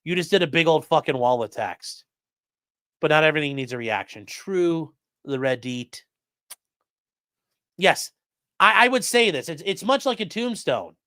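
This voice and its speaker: A man's voice: a little high, expressive, unhurried, pushed and bright, dry recording, clean studio sound. A man doing mocking, sarcastic live-stream commentary while reading chat, swearing often.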